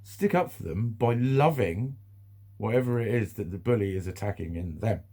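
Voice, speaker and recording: A British man rants in a casual vlog monologue, speaking bluntly, swearing liberally, repeating himself and laughing now and again. His lowish voice has a warm tone and lively intonation at a normal speed.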